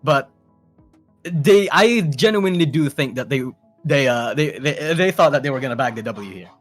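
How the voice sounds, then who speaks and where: A man's voice: medium pitch, animated, moderate pace, faint music behind. A young man calling in as a stream guest, rambling casually, repeating himself and swearing, often trailing off. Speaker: call-in guest. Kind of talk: casual chat.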